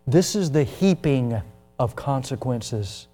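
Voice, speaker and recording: A man in his sixties from the United States, a pastor preaching an impassioned sermon, moving from hushed to loud. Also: mid-range voice, expressive, takes it slowly, faint music behind.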